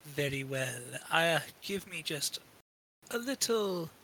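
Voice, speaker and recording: A man voicing a male adventurer posing as one of the lizard-folk, slow and overly polite in formal speech. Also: on the high side, animated, bright, forceful tone, exaggerated voice, rough recording. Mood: courtly.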